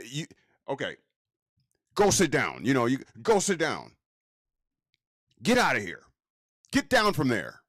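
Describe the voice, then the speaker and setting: Slow, sing-song man lecturing. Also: no echo, clean studio sound. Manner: conversational, asks the listener rhetorical questions; slow, drawn-out delivery with wide pitch swings. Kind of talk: casual teaching talk.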